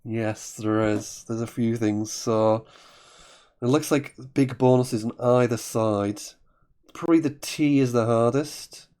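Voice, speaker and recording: A man's voice: mid-range voice, slow pace, mellow, clean tone. A man commentating live on a word game, thinking aloud and often correcting himself. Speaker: Scrabble commentator.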